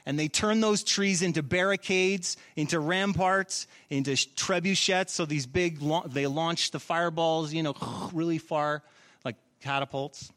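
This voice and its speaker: Guy with a high voice giving a sermon, animated, says things twice for emphasis. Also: measured pace. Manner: animated preaching, repeats phrases for emphasis. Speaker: pastor.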